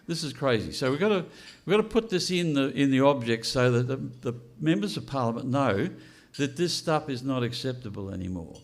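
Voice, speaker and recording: A man's voice: medium pitch, expressive, fairly quick, few pauses. An older man giving a blunt, unscripted speech to an audience and asking rhetorical questions. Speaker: speaker at a political launch event.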